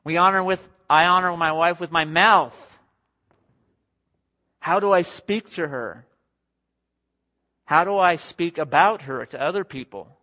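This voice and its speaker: A young married man preaching a sermon to a congregation in a conversational, self-deprecating way, slipping into quick acted-out quotes. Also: fairly high pitch. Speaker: pastor. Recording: dull lo-fi sound.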